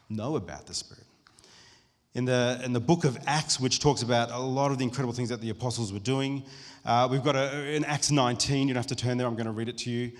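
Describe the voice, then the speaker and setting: A pastor giving a conversational sermon, with frequent restarts and asides to the congregation. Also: male voice, medium pitch. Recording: long hall reverb.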